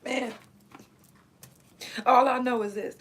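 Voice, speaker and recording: A woman's voice: a little high, steady tone, slow pace, husky. Woman telling a painful story bluntly. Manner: blunt, profane, emotional, in pain. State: in pain, near tears. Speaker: podcast host. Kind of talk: personal story, casual monologue.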